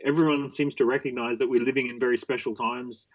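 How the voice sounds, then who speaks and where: A man talking as a podcast guest, telling lively anecdotes and acting out the quotes. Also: mid-range voice, fast talker, lo-fi sound. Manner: animated anecdotes with acted-out quotes. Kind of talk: storytelling interview talk.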